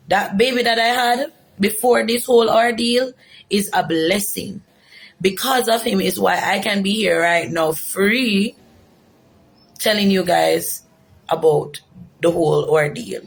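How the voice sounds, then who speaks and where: Young Jamaican woman with a gravelly voice, earnest and emotional first-hand testimony. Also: medium pitch, takes it slowly. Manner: earnest, emotional, repeats for emphasis. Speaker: former detainee telling her story. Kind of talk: personal testimony.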